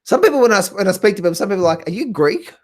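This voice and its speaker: A man with an Australian accent coaching traders on a live stream. He talks excitedly, repeats himself, laughs often and calls viewers by name. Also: sits high, rapid-fire. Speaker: trading coach. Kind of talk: live stream talk answering viewers in chat.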